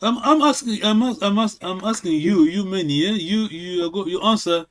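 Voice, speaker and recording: A man teaching a language class in a halting way, repeating words and checking in with "yes?" again and again. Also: high-pitched, a bit bright.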